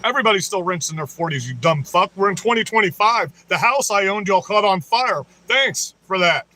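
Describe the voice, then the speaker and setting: High-voiced man in a profane rant. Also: animated, brisk, sharp tone, slight background noise. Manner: profane, heated, ranting to the audience; keeps saying "you know what I mean". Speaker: livestream host. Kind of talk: livestream rant.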